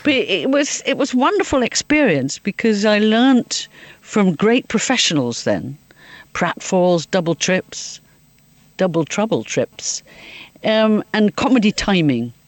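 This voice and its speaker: Sharing comic stories as an interview guest, this Liverpudlian woman laughs frequently while she talks. She speaks unhurriedly in a sing-song, mid-range voice, and the recording is dry.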